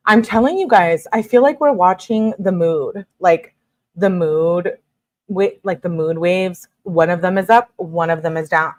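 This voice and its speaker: A woman commentating casually to viewers while reading out text messages, chatty and expressive. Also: fairly low pitch. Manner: chatty, expressive, frequent "like" and laughs, addresses viewers as lovies. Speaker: true-crime commentator reading texts aloud.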